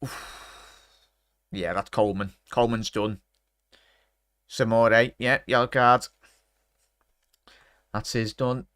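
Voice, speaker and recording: A man, chatting to his live chat during a football watchalong and breaking into excited shouts at big chances. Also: medium pitch, slow, pauses often, smooth, no room sound, clean studio sound. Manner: talks straight to his chat. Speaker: watchalong streamer.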